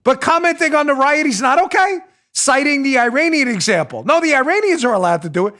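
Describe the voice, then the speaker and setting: A man with a high-pitched voice hosts a political talk show. He talks in an indignant, sarcastic monologue and presses his points with repeated rhetorical questions. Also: lively intonation, fast talker, bright, forceful tone. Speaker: host.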